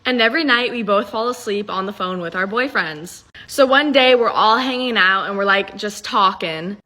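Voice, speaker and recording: A woman's voice: medium pitch, moderate pace, pushed and bright. A woman telling a casual storytime in an earnest, dramatic way.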